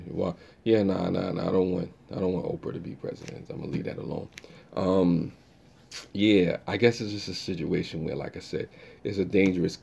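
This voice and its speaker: A man's voice: low-pitched, vocal fry, dark tone, slightly rough. A man hosting a live stream, chatting casually and reacting to viewer comments in a laid-back way.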